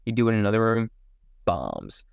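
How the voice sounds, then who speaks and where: A man's voice: fairly low pitch, huge pitch swings, fairly quick, vocal fry, no room sound, dull audio. A young man, a comedian guest, chatting casually on a podcast, rambling through stories and laughing often.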